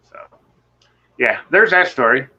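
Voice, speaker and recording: A man telling a personal encounter story in casual conversation, rambling and animated, swearing and acting out what people said. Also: medium pitch, a little slow, husky, lo-fi sound. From Michigan. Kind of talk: casual storytelling on a live show.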